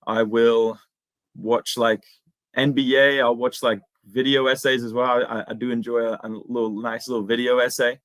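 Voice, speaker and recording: A young Australian man chatting casually as an interview guest, slangy and relaxed, full of "dude" and "man". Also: medium pitch, moderate pace, no echo. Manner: laid-back, slangy, lots of "dude" and "man". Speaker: guest, MMA impressionist.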